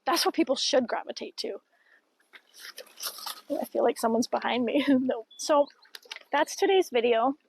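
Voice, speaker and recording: A woman's voice: on the high side, unhurried, creaky, pauses often, a little mellow, a little hiss or hum, rough recording. A middle-aged woman vlogging outdoors by a river, chatty and encouraging as she talks to camera. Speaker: vlogger and podcaster. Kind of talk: casual talk to camera.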